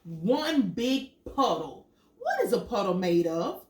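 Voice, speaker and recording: A teacher, a woman with a medium-pitched voice, takes her time reading a picture book to young children. She acts out the sound words and quizzes them in an expressive storytelling manner, recorded from afar in a room with echo.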